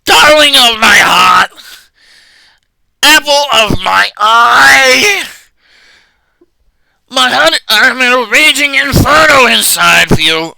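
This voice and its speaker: A man doing an impression of a comedian voicing a lovesick male cartoon parrot, shouting high, drawn-out declarations. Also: expressive, creaky, dry recording, exaggerated voice, rough recording. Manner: over-the-top declarations, stretched words.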